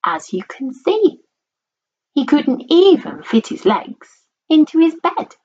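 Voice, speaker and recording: Slow, expressive woman reading a storybook. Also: sits high. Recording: dull lo-fi recording.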